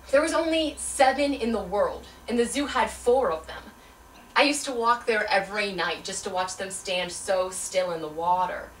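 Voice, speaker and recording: A woman's voice: mid-range voice, a bit bright, a little hiss or hum, natural voice. A young woman in an audition, playing a shaken young woman who tells a painful memory in plain, colloquial, earnest speech. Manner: plain, colloquial storytelling with earnest halting phrasing. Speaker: auditioning actor. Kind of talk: audition monologue, dramatic. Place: audition room. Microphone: far camera. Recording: echoey room from a distance.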